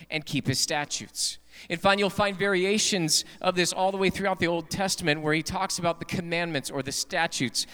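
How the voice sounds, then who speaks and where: A man preaching at a Wednesday night service, animated and asking the congregation rhetorical questions. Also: high-pitched, big-room sound. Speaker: pastor. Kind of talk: sermon.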